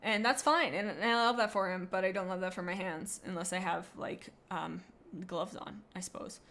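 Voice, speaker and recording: A young adult woman streaming, chatting casually in a rambling, excitable way as she gushes about cute animals. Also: on the low side, normal speed, slight background noise. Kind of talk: casual livestream chat.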